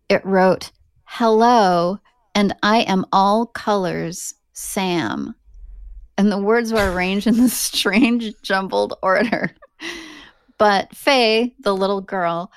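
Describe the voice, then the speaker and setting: A woman hosting a podcast, telling an eerie story in a casual, animated way with laughing asides. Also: on the low side, no echo, studio quality. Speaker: podcast host.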